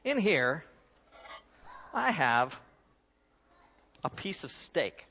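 Preacher guy, kinda high voice, chatty sermon, long hall echo, dull sound. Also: big pitch swings, extremely slow, pushed and bright, a little hiss or hum. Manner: conversational, self-deprecating, demonstrates while talking. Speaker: pastor. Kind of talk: sermon with a live object lesson.

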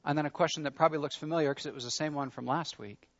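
A man's voice: fairly high pitch, steady tone, very fast, fairly bright tone, lo-fi sound. A man preaching a sermon in an earnest, conversational way, leaning into his questions. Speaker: pastor.

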